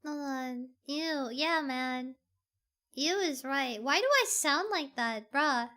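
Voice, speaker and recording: A woman streaming a game, reacting in an excitable, gushing way and teasing herself. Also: high voice, slow. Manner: excitable, gushing, self-deprecating. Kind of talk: live game stream commentary.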